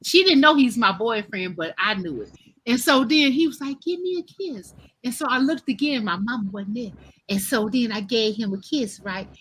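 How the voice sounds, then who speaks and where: Middle-aged woman host, AAVE, animated live-stream storyteller with a high, bright voice. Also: normal speed, a little hiss or hum. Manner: animated, laughing, addresses listeners as y'all. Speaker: host telling a childhood story.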